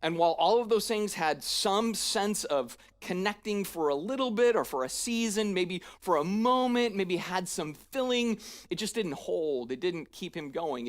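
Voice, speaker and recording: A pastor delivers a sermon in a relaxed, chatty way, voice at a mid pitch. Paraphrased lines get a lively, casual acting-out, and the talk keeps checking in with the congregation. It sounds like it was recorded during a church service. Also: unhurried. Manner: conversational, often checking in with "right?".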